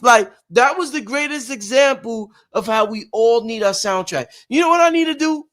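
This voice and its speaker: Animated man with a rhythmic casual delivery. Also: normal speed, hardly any pauses. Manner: animated, sings and shouts snippets, trails off into low musing. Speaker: show host and producer. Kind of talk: casual monologue to viewers.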